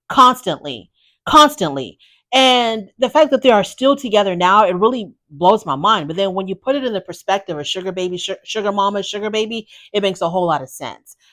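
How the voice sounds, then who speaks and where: Woman, recap host, blunt, animated, rhetorical questions, slightly low voice. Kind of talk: casual opinionated recap commentary.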